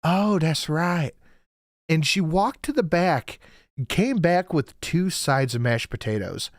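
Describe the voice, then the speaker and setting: A man's voice: fairly high pitch, sing-song, a little slow, dry recording, clean studio sound. A man telling a story in casual chat, profane and exasperated.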